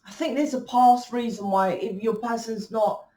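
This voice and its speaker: A woman's voice: fairly high pitch, steady tone, normal speed, mellow, echoey room, distant mic. A woman giving a spiritual reading to her viewers, blunt and emphatic, swearing freely. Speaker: spiritual reader. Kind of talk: casual monologue to viewers.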